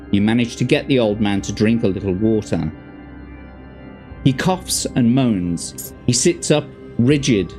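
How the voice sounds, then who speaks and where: A man's voice: lowish voice, a little mellow. A man from Birmingham with a Birmingham accent hosts a stream, reading a fantasy gamebook aloud and breaking off for casual asides and corrections. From Birmingham, England. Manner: casual, stops to chat and correct himself.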